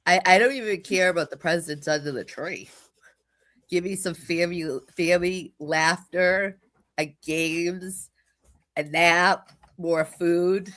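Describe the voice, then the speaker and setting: A woman with a New England accent co-hosting a casual talk show. She is lively and blunt, and she talks in an excitable way. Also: on the low side, slow pace. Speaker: co-host.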